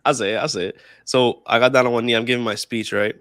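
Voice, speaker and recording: A man's voice: medium pitch, fairly even intonation, quick pace, a bit bright, no echo, studio quality. A young man casually telling a story on a podcast, laughing often, swearing freely and repeating himself. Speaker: podcast co-host.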